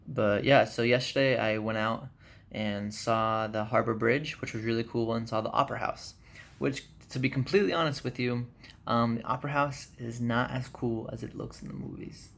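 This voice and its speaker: Gravelly-voiced man rambling casually. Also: mid-range voice, moderate pace. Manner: rambling, filler-heavy, relaxed chat. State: jet-lagged, tired. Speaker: vlogger. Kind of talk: casual vlog update. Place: hotel room.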